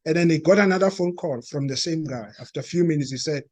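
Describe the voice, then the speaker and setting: A man with a South African accent telling a story to a live audience, halting and restarting, and acting out the quoted dialogue. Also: fairly high pitch, no room sound. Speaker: speaker at a talk. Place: meeting room.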